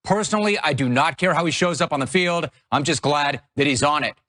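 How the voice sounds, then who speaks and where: A man's voice: on the high side, a little fast, sharp tone. A man delivering an opinionated sports news segment with a brash, punchy, editorializing manner. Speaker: sports reporter.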